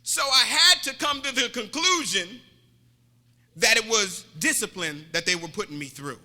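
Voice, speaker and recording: High, bright-voiced joking preacher. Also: male voice, expressive, moderate pace. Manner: joking, repetitive, calls out to the congregation. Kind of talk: sermon. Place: church. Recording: reverberant church hall.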